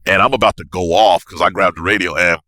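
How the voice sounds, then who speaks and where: A man, a navy officer, telling a story as a podcast guest in an animated, excitable way with bursts of laughter. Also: low voice, quick pace, no echo. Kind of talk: casual storytelling.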